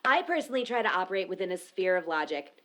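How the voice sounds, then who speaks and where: A woman's voice: lowish voice, very animated, fast, heavy background noise. A woman co-hosting a comedy podcast, reading her research notes and often laughing mid-sentence. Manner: reads research notes aloud, breaks into laughter. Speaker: podcast co-host presenting the topic. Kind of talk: casual comedic podcast chat.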